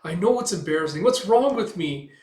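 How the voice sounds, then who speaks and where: A fretful, gushing middle-aged society lady who frets and swoons over every word, put on by a man reading a comic aloud. The voice is pushed well above his usual pitch. It rings in an echoey room. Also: lively intonation, brisk, a little mellow. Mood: anxious. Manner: gushing, anxious, theatrical.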